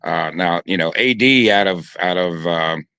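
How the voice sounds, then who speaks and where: A man's voice: sits low, a little slow, pushed and bright, clean tone, no room sound. A man co-hosting a sports talk show, talking casually and hesitantly with frequent restarts. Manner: hesitant, many restarts and fillers.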